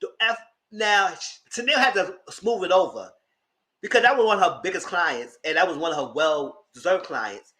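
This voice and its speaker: A man recaps reality TV in a loose, chatty way, dishing on the cast like gossip with friends. His voice sits high and bright, with a sharp edge. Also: lively intonation, normal speed. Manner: gossipy and dramatic, talks to the audience as "girl". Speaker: TV recap vlogger. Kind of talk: casual reality-TV recap commentary.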